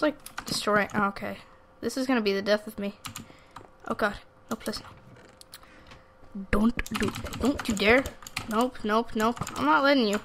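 Woman, bright tense voice, fairly high, excitable gameplay chatter, faint keyboard clicks. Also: slight background noise. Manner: rambling, excitable, talks to the audience and at opponents. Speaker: gaming YouTuber. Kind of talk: live gameplay commentary.

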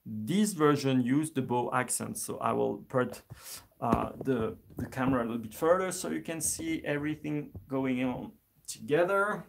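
A man teaching an instrument lesson on a live stream, speaking in a relaxed, hesitant way with many fillers and restarts. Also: medium pitch, moderate pace, vocal fry, a little hiss or hum. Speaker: music teacher.

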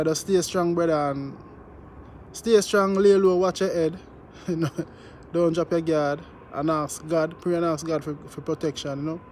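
A man's voice: on the high side, darkish tone, a little hiss or hum. A man with a Jamaican accent giving casual commentary on his vlog, repeating himself and often asking "you know what I mean". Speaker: news vlogger.

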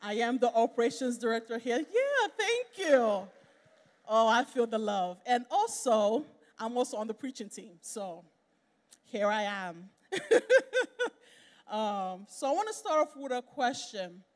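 A woman's voice: on the high side, very animated, measured pace. A woman preaching a sermon in a church, talking conversationally and laughing with the congregation. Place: church sanctuary. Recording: reverberant church hall.

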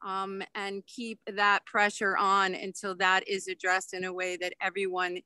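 A woman's voice: mid-range voice, monotone, unhurried, pushed and bright, clear, resonant tone, no echo, poor audio. A woman giving public comment by video call, firm and insistent, with many fillers.

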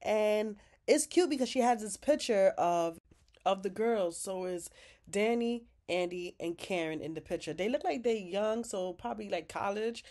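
A woman's voice: medium pitch, normal speed, mellow. Sassy woman recapping a TV episode. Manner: chatty, sassy asides and quoted dialogue. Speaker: recap vlogger.

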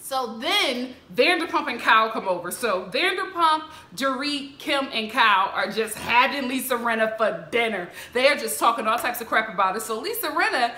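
Female commentator, animated and chatty, fairly high bright voice, roomy echo. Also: moderate pace, few pauses. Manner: animated, mimics the people she recaps in a higher voice. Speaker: show recap host. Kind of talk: casual commentary.

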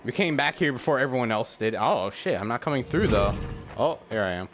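A man's voice: medium pitch, animated, brisk, background noise. A man giving casual let's play commentary, reacting with confusion, laughs and swearing. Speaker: gamer. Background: game music.

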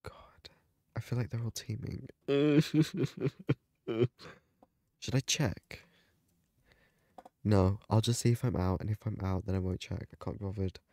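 A man's voice: lowish voice, steady tone, normal speed, mellow, no echo. A man giving live gaming commentary, dramatic and panicky, often exclaiming and laughing. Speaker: gaming video creator.

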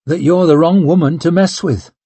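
Narrator doing nervy chatty sidekick guy, higher and keen, slightly husky. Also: normal speed, dark tone, dry recording. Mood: eager. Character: nervous, joking young male sidekick.

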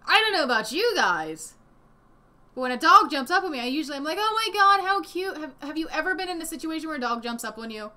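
A woman giving casual reaction commentary from home, indignant and animated, swearing often. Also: sits high, quick pace. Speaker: commentary vlogger. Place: home room with desk and a dog nearby.

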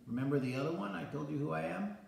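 An older man, a grandfather, playfully reading a picture book aloud to his grandchild, with sudden high exclamations. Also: rapid-fire, vocal fry, darkish tone, very echoey, slight background noise.

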